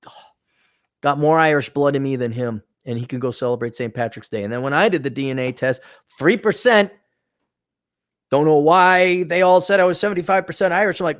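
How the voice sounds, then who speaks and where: This middle-aged man's voice is a little high and animated, at normal speed, captured with studio quality and no room sound. As a commentator reading and reacting, he gives a blunt, sarcastic opinion piece and mocks in put-on voices.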